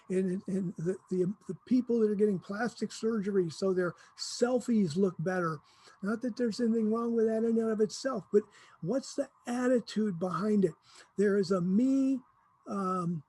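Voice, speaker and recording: A relaxed, dark-toned voice with a husky edge, recorded close and dry. A Bible teacher explaining scripture casually, acting out what people say with a touch of humor. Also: mid-range voice, unhurried, dry recording. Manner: informal, acts out quoted speakers with humor.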